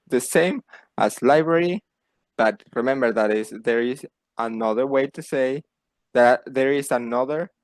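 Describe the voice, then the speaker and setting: Patiently repeating phrases so learners can copy him, a Spanish-speaking man leads a slow introductory Spanish lesson. He has a mid-range voice, captured in a dry recording.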